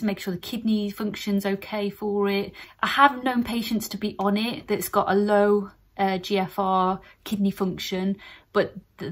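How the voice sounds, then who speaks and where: A British woman in her thirties, a practice nurse, talking candidly and chattily in a casual vlog, laughing at herself now and then. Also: mid-range voice.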